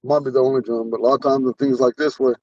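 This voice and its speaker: A man's voice: medium pitch, fairly even intonation, fast, warm tone, no echo, distant mic, dull audio. A man with a lisp, a Ponca language teacher, talking in a rambling, earnest way while he drives. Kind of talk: casual talk while driving. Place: inside a car on the road.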